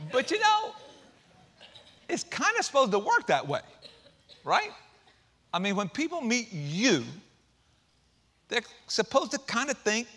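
A man preaching a sermon as pastor, animated, with folksy asides and rising emphasis. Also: extremely high pitch.

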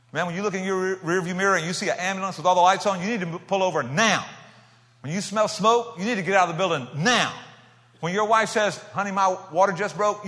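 A man preaching a sermon, telling stories with animation and swinging from loud bursts to hushed tones. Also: high voice. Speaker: pastor. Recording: long reverb of a church hall.

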